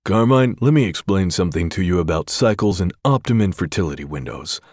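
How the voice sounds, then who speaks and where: A man's voice: low voice, animated, brisk, a little mellow, no room sound, studio quality, voice pushed up. An audiobook narrator, a man, voicing a lazy, teasing young woman who giggles as she talks.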